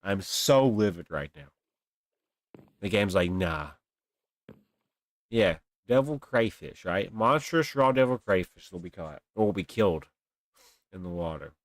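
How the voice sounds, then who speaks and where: With a lowish voice at normal speed, this young streamer gives casual live commentary on his game, talking to chat and animatedly grumbling and exaggerating about his luck. The desk-mic webcam stream sounds dry.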